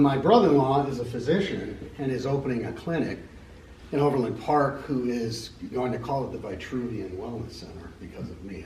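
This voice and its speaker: A man's voice: mid-range voice, darkish tone. Middle-aged American man, joking storyteller, testimony at a church meeting; recorded from a distance in an echoey hall, faint room hiss. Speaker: speaker giving a testimony. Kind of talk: personal testimony, unscripted.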